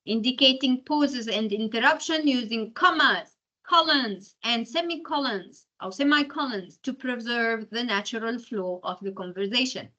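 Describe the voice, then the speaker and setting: Bright-voiced lecturer. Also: female voice, a little high, normal speed, dull audio. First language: Arabic. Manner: explanatory, keeps checking in with "okay?". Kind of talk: university lecture.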